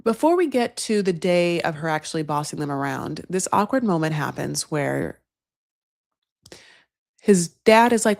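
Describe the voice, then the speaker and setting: A woman's voice: on the low side, normal speed, gravelly, dry recording, clean studio sound. Chatty, sarcastic woman recapping TV. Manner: chatty, animated, sarcastic, swears freely. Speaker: host. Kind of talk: casual TV recap commentary.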